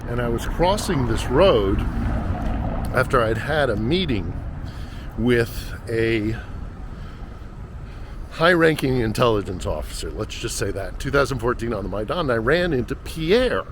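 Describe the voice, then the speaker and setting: A man's voice: mid-range voice, big pitch swings, measured pace, pauses often. A middle-aged man narrating a walking vlog through city streets and a market, reflective and conversational, thinking aloud. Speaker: vlogger and reporter. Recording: noisy outdoor street ambience. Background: city traffic and street noise.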